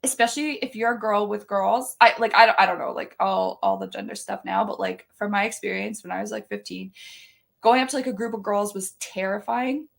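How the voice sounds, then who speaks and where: Chatty woman with a gravelly edge. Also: mid-range voice, fairly quick. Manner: chatty, heavy use of "like" fillers, animated. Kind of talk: casual storytelling.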